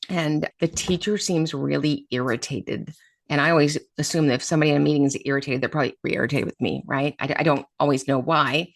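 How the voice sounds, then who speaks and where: Low, gravelly woman host talking straight. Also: dry recording. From Florida. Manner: direct, emphatic straight talk. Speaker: podcast host and special education advocate. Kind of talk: casual storytelling podcast.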